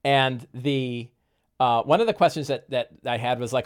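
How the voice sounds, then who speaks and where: A man's voice: medium pitch, fast talker. A man hosting a casual podcast conversation, telling game stories animatedly with many restarts. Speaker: podcast host and game master.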